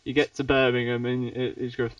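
A man's voice: mid-range voice, level tone, fairly quick, clean tone, no room sound. A man from the UK hosting a casual podcast chat, rambling with frequent laughs. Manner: laughs often, rambling with restarts. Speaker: podcast host. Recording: dull, distant podcast mic.

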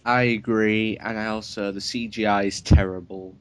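A man's voice: fairly low pitch, steady tone, moderate pace, fairly bright tone, clear, resonant tone, no echo. A man co-hosting a casual podcast, teasing the others and taking the contrary side. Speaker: podcast co-host. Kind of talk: casual chat.

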